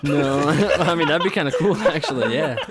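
A man's voice: on the high side, moderate pace, over a noisy crowd. A man co-hosting a radio show in casual chat, agreeing emphatically.

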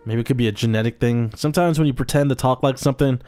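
A man's voice: medium pitch, racing, darkish tone, soft background music. A man chatting casually as co-host, rambling and laughing, with lots of filler words. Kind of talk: casual chat.

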